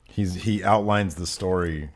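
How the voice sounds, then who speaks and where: A man's voice: sits low, a little slow. A man co-hosting a live wrestling talk show, chatting casually and reading out fan mail with jokey asides. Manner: animated, jokey, reads fan letters. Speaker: wrestling podcast co-host. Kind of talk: casual chat. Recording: live-streamed show set.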